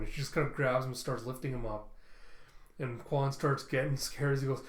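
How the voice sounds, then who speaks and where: A man's voice: mid-range voice, steady tone, fairly quick. A man casually retelling a comic book, using lots of "he's like" to set up lines. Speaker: comic reviewer. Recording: roomy echo.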